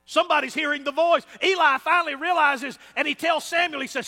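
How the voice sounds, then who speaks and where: A man's voice: extremely high pitch, brisk, few pauses, pushed and bright. A man preaching a sermon as pastor, emphatic and repeating phrases for effect. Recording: long hall reverb.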